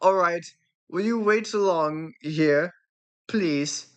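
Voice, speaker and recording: A woman voicing a strict older female teacher giving brisk instructions in a fan reading of a film script. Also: lowish voice, clear, resonant tone.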